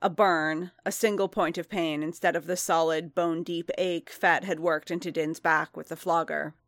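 Woman, story reader, steady narration, lowish voice, dry sound. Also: normal speed, dry recording. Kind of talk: audiobook-style story reading.

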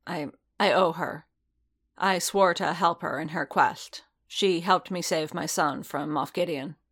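Weary male bounty hunter read by a woman, unhurried and earnest. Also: lowish voice, fairly bright tone, slightly rough, heavily acted.

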